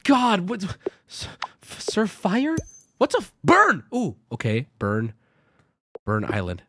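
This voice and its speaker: A man's voice: sits high, huge pitch swings, takes it slowly, a little hiss or hum. A man streaming a game, talking through each move aloud, swearing and breaking into sudden yelps. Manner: swears often, talks through moves out loud, with sudden yelps. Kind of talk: live-streamed game commentary.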